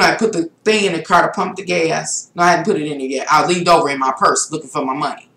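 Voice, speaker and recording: Middle-aged woman vlogger, casual rambling storyteller, echoey room. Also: fairly bright tone. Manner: rambling, with shrill exclaimed self-quotes. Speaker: spiritual vlogger.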